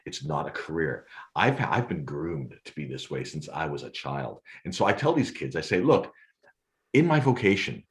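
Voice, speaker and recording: With a bass voice and moderate pace, this podcast guest, a photographer and storyteller, spins animated tales. He acts out scenes in a lively, theatrical manner and laughs a lot.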